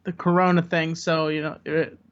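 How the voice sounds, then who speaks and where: A man's voice: fairly high pitch, level tone, normal speed. Rambling male guest, dull lo-fi audio. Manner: rambling, hesitant, many restarts. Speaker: podcast guest. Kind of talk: casual chat.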